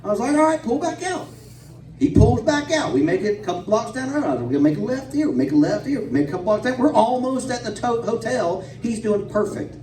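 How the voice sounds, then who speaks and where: A man doing stand-up in a pub, telling a story in a profane, excitable way and laughing as he goes. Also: sits high, brisk, hardly any pauses, slight background noise. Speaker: stand-up comedian. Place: pub stage, live show. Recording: echoey pub room, distant mic.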